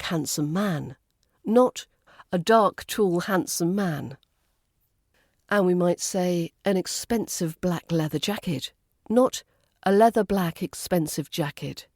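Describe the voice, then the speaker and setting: A woman's voice: medium pitch, warm tone, no echo, studio quality. A woman with a Southern English RP accent, teaching a podcast lesson and modelling example phrases carefully. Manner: clear, deliberate demonstrations. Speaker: accent coach.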